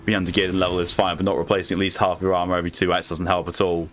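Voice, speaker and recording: A man's voice: low-pitched, flat delivery, very fast, fairly bright tone, faint music behind. Joking man gaming with friends. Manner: jokey, swears, laughs often. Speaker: gamer on a stream. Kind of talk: casual chat while gaming.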